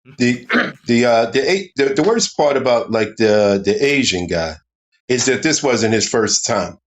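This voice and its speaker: A man speaking as a panel guest in a casual debate, halting and full of fillers. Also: mid-range voice, expressive.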